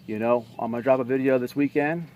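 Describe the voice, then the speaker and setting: A man's voice: mid-range voice, steady tone, quick pace, muffled recording. Blunt, profane man telling stories. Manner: blunt, profane, streetwise storytelling. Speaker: vlogger. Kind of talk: casual storytelling to camera.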